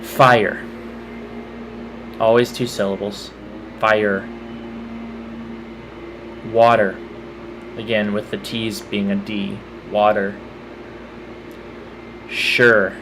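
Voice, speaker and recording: Slow-talking Texan man reading a word list. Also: on the low side, level tone, noisy background. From Texas. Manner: says each word slowly, then comments on it casually. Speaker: vlogger.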